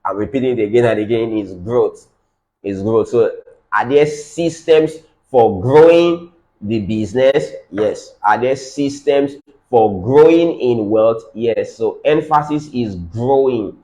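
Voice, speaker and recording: A man's voice: mid-range voice, lively intonation, measured pace, warm tone, low-quality recording. Emphatic Nigerian man teaching a business class. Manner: repeats key phrases for emphasis, quizzes the audience. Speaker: business trainer. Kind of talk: business training lecture.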